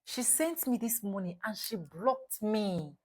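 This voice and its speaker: A woman's voice: mid-range voice, very animated, a little slow, darkish tone. A young Nigerian woman vlogging, telling a story dramatically and repeating phrases for emphasis. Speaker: YouTube vlogger. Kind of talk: storytelling vlog.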